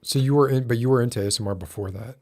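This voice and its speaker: A man's voice: mid-range voice, rapid-fire, a little mellow. A man hosting a casual chat, rambling and hesitant as he talks things through. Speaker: podcast host.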